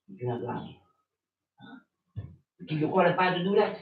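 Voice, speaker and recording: A man's voice: high voice, animated, a little slow, long pauses. A man preaching a fiery street-style sermon, scolding and swearing, with phrases said again and again. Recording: muffled, distant, echoey room.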